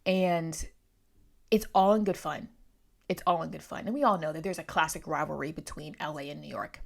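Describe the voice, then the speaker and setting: A woman's voice: sits low, fairly even intonation, moderate pace, vocal fry. Chatty East Coast American woman. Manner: chatty, rambling into tangents, laughing easily. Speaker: book reviewer. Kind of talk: casual chat to camera.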